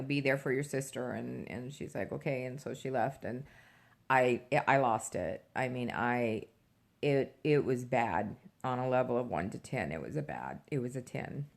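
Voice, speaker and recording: A middle-aged woman who vlogs tells a personal story haltingly, full of fillers and restarts. The sound has a low, rumbling quality.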